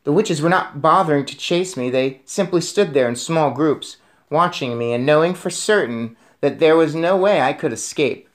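A man reading a novel aloud, musing quickly before a chapter and then telling it in a steady, lively way. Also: on the high side. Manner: musing aside between readings. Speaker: reader.

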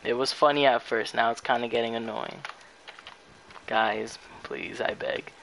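Young male streamer, slow drawl, exasperated casual game chat, faint noisy line. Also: mid-range voice, fairly even intonation, gravelly, a bit bright. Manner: exasperated, pleading with chat to stop spamming. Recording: faint background noise.

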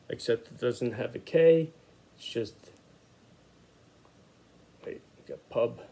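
Gravelly-voiced man teaching a kids' art class. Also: medium pitch. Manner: talks through his drawing, sounding out letters; relaxed, thinks aloud with frequent "uh" and "okay".

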